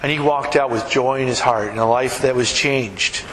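A man preaching a sermon as a pastor, telling a story with lively rises in pitch when he gets excited. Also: moderate pace, slight background noise. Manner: animated storyteller, voice climbs high when excited. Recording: echoey hall with long reverb and faint ambience.

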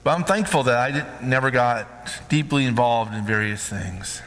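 A man's voice: medium pitch, normal speed, fairly bright tone, long reverb tail, rough recording. A man preaching a sermon with emphatic call-and-response questions to the congregation.

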